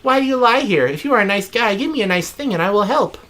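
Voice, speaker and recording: A man's voice: high voice, lively intonation, fast talker, a bit bright, voice pushed up. A man voicing a kind, earnest desert guide in a video game journal reading. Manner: simple earnest phrasing.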